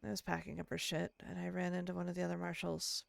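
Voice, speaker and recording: A woman's voice: fairly low pitch, monotone, quick pace, creaky, dry recording. A woman chatting in character during a roleplay game, telling a long story that rambles and is full of swearing. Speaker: roleplayer voicing her character.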